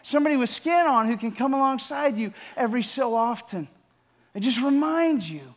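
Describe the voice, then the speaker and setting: High-voiced pastor preaching a sermon. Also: male voice, lively intonation. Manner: swings from hushed, slow repetition to loud emphatic build-ups; addresses congregation members by name.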